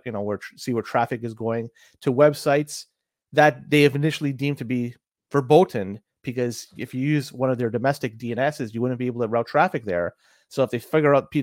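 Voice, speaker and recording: A man co-hosting a podcast, explaining tech security news in a casual, halting way with frequent restarts. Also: medium pitch, a little mellow, no room sound. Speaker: podcast co-host.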